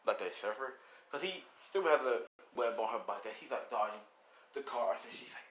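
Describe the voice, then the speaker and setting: A young man tells an improvised story off the cuff, rambling along with plenty of fillers. His voice is bright and his pitch bounces around a lot. It sounds like a relaxed fan narration. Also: moderate pace. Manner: rambling, full of "like" and "you know".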